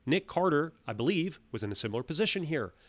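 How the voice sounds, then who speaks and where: A man hosting his own channel, giving solo commentary in an animated, emphatic way, full of restarts. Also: fairly high pitch, fast talker. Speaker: channel host.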